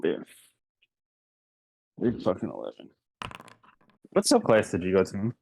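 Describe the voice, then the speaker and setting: A man's voice: low-pitched, wildly swooping pitch, a little slow, mellow, a little hiss or hum. A man playing a tabletop game, joking and playfully sarcastic. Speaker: player. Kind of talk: casual tabletop game chat.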